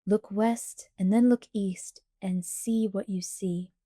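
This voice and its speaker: A stern pioneer father speaks in calm, hushed tones, read by a woman narrator. His voice stays low and mellow, close to the mic in a dry space. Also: normal speed, no echo, natural voice.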